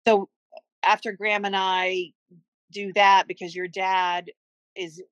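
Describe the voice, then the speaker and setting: A woman's voice: mid-range voice, flat delivery, takes it slowly, no echo, dull audio. A middle-aged woman, a mother appearing as a podcast guest, recounting a family story in earnest, heartfelt conversation.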